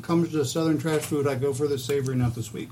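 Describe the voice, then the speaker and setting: A man's voice: fairly high pitch, fairly even intonation, quick pace, dark tone. A man co-hosting a casual chat, blunt and swearing freely. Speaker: podcast co-host. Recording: faint background noise.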